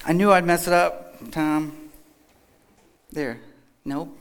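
A man from Kentucky speaks to a church crowd in a loose, chatty way, cracking jokes as he goes. His voice sits a little on the high side. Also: slow, clear, resonant tone. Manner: chatty, joking, folksy. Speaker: guest speaker. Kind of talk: casual church talk with jokes. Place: church hall.

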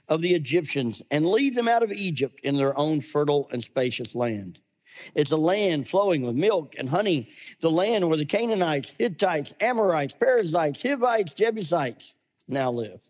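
A male pastor voicing God speaking to Moses during a scripture reading, slow and solemn. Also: fairly high pitch, darkish tone.

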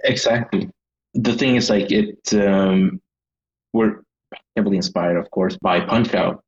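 A man's voice: on the low side, measured pace, highs cut off. A man with a Swedish accent, a game designer talking hesitantly as a guest and searching for his words. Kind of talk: casual interview chat.

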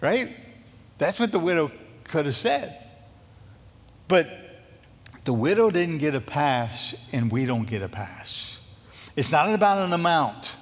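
A man preaching a sermon as a pastor, telling a Bible story in a lively, joking way and acting out what the characters say. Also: on the high side, slow, long pauses, in a large hall. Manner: animated, jokey storytelling that acts out scripture quotes.

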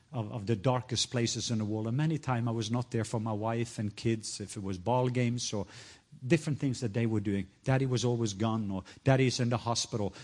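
A middle-aged man preaches a sermon, telling a personal story. At times he goes soft and hushed, and his voice rises high when he quotes others.

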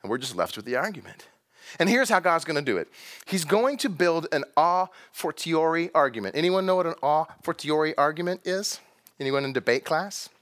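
A man's voice: a little high, lively intonation, a little fast, a bit bright. A man from Texas, preaching a sermon to a congregation in a conversational style, drawing out key words and asking rhetorical questions. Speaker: pastor.

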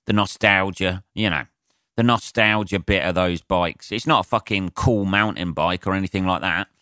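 A man's voice: low-pitched, moderate pace, pushed and bright, no room sound, clean studio sound. A man hosting his own podcast, ranting sarcastically with lots of swearing, rambling asides and fillers. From England. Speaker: comedian podcast host. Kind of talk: solo comedic rant.

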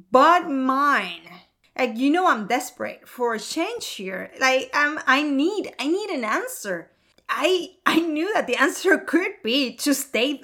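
High, bright-voiced woman sharing her testimony. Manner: earnest and emotional, with laughs. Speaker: mother of two. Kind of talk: personal faith testimony.

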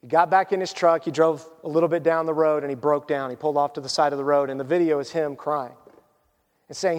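A male pastor delivers a sermon in a loose, conversational storytelling way, sinking to a hush when the story turns heavy. His voice sits high for a man. The sound rings with the long reverb of a church hall. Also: fairly even intonation, fast. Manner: conversational and storytelling, drops to hushed tones for emotional moments.

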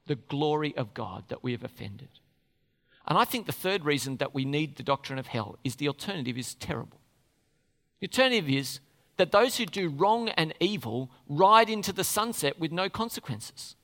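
An animated man preaches a sermon and keeps putting questions to his congregation. His voice sits high and bright, and it rings through a church hall with a long reverb.

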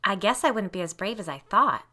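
A woman's voice: medium pitch, lively intonation, brisk, pushed and bright, voice pushed up. A woman voicing a frightened young girl in a spooky story, pleading and screaming in a shaky voice. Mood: joking. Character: scared girl at a sleepover.

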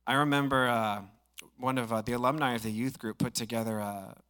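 A young man preaching a sermon as a pastor, conversational but rising suddenly in pitch and volume for emphasis. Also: steady tone, brisk, a bit bright, smooth.

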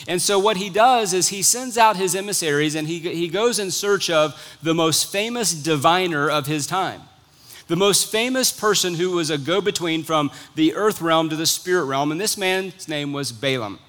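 High-voiced preacher telling a story. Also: male voice, a bit bright. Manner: storytelling, earnest, exhorting. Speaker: pastor. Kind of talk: sermon.

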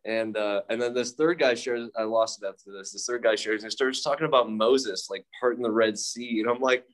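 A man's voice: medium pitch, steady tone, normal speed. A young man, telling his own story at a recovery meeting in a candid, profane, self-mocking way, with many fillers. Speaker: speaker sharing at a recovery meeting. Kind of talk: casual personal storytelling.

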